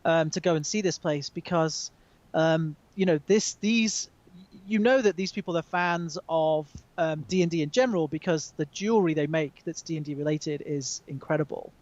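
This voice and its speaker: British male guest, slightly high voice, halting, on a muffled dry call line. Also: a little mellow, dry recording. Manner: hesitant, many ums, chatty. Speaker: magazine editor, guest. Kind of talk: casual chat over a call. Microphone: remote call.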